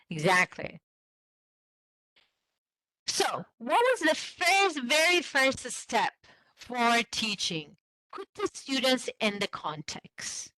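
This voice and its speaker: A woman leads an online training session for language teachers, talking slowly and stopping to ask her class questions. Her voice is bright and a little high. The sound is dry and close. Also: no room sound, low-quality recording. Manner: slow, explanatory, asks the class questions.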